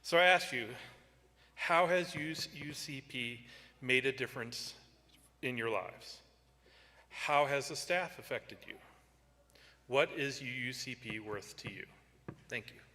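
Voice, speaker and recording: Bright-voiced man making church announcements. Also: medium pitch, slow, pauses often, big-room sound. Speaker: worship service speaker. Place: sanctuary.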